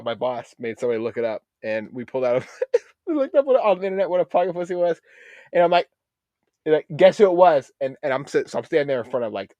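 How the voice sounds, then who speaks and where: A man, a Navy veteran, telling a rowdy story in casual podcast chat, swearing freely and jumping into loud quoted outbursts. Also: mid-range voice, no echo.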